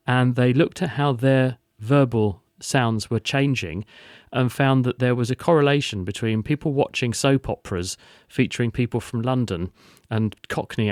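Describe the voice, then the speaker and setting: A man's voice: mid-range voice, dry recording, clean studio sound. A man hosting a science podcast, explaining in a string of rhetorical questions and answers.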